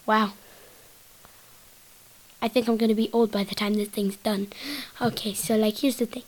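A woman's voice: medium pitch, level tone, moderate pace, a little mellow, poor audio. A woman hosting a solo podcast, rambling in a silly, giggly way and jumping from topic to topic. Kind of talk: rambling casual monologue.

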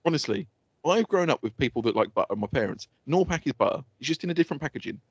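Male podcast host, sweary mock-angry ranter, quick, husky voice that jumps around in pitch, dull dry lo-fi mic. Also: expressive, no room sound. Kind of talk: heated casual banter.

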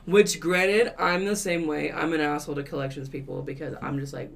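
A man's voice: fairly high pitch, fairly even intonation, brisk, gravelly, a bit bright, a little hiss or hum. A man in a casual podcast chat, swearing freely and laughing as he retells his collections calls. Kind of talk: casual storytelling.

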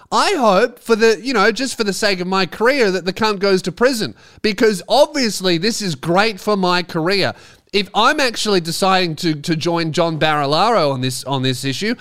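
A man's voice: high-pitched, a bit bright, smooth. An Australian man hosting a podcast, rambling through a casual comedic monologue with sardonic, self-mocking jokes. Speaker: podcast host.

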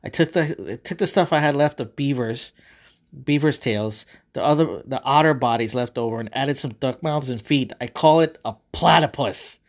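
A man's voice: medium pitch, lively intonation, a little fast, lightly acted. A man voicing a crude, laid-back male God who swears and gets annoyed easily, in a comic story reading. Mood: brash. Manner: swearing, casual, loud.

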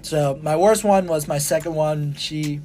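A young man hosting a podcast in casual chat, talking in a halting, rambling way with many restarts and fillers. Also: on the high side, darkish tone, a little hiss or hum. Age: young adult. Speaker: podcast host.

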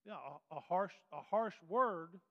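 A man's voice: high-pitched, a little slow, gravelly. Folksy man teaching a Bible lesson. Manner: folksy, animated, asks the class questions. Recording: dull sound with long hall reverb.

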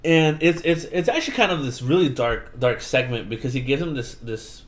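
On a casual podcast, a male host with a medium-pitched voice speaks fairly quickly as he animatedly recaps a book's plot. He acts out the characters' lines along the way.

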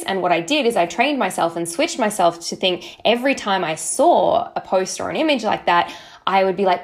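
A woman's voice: mid-range voice, a little fast. A woman hosting a podcast, giving a casual motivational talk in a chatty, upbeat way and checking in with her listeners as she goes. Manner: acts out her own past thoughts in quotes. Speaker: podcast host, social marketing entrepreneur.

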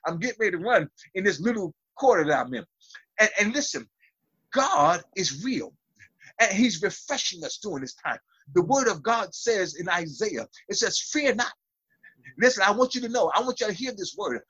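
A man's voice: high-pitched, big pitch swings, normal speed, a bit bright, husky, dry recording, lo-fi sound. A man preaching a fervent sermon over a video call, building to call-and-response. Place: small room.

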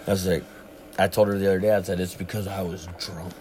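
A man's voice: deep voice, little pitch movement, quick pace, warm tone, slight background noise. A man chatting casually on a livestream, telling long profane stories. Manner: profane, rambling storyteller. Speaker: livestream co-host. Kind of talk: casual chat.

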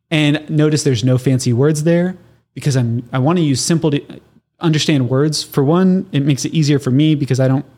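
Chatty Californian man teaching on his podcast. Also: mid-range voice. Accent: Southern Californian. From Southern California. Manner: conversational, animated, laughs often, acts out listener reactions. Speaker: podcast host. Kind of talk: casual solo podcast teaching.

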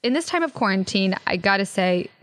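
A woman in casual conversation about a film, animated and laughing often as she acts out lines. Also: mid-range voice, a little fast, no echo. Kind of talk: casual chat about a movie.

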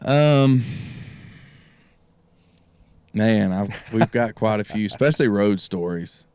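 A man's voice: on the low side, lively intonation, slow pace, darkish tone, smooth, no room sound. A man, a country music artist, telling a road story as a guest in a casual chat, laughing often and acting out the voices of the people in it. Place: outdoor gazebo on a cold evening.

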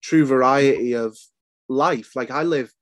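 A man's voice: mid-range voice, a little slow. Young Scottish man, eager and casual. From Scotland. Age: young adult. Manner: eager and swears casually, fills with "like". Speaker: podcast host. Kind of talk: casual chat.

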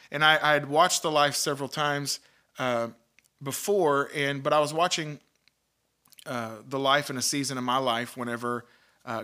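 A man hosts a devotional podcast, his voice bright and forceful. He talks earnestly and with emphasis, often doubling words and restarting his sentences. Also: medium pitch. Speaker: podcast host, Christian teacher.

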